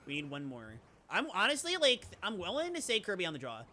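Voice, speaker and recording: A playful male streamer chats with his viewers in a high, bright voice. His pitch swoops all over as he rambles, restarts and reads out chat. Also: huge pitch swings, fast talker. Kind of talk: casual live-stream chat.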